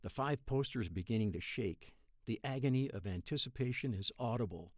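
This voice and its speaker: A man in his thirties narrating a first-person dream story in a wry, profane, deadpan way. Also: mid-range voice, fairly quick, no room sound, clean studio sound. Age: 30s.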